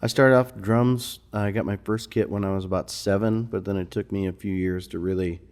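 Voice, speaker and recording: Male musician guest, from Missouri, low voice, easygoing conversational delivery. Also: steady tone, brisk, darkish tone, smooth. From Missouri, USA. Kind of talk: casual interview conversation. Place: bar lounge.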